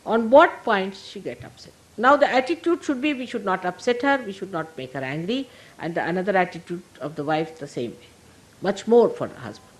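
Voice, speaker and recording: Lively older woman with an Indian accent. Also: mid-range voice, brisk, low-quality recording. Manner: gentle, humorous, laughing as she talks. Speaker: spiritual teacher. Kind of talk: sermon to followers.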